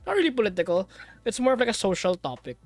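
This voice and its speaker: A man's voice: sits high, very animated, fast talker, faint music behind. A young man from the Philippines hosting a casual podcast, rambling and laid-back, swearing offhandedly. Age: young adult. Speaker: podcast host. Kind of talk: casual chat.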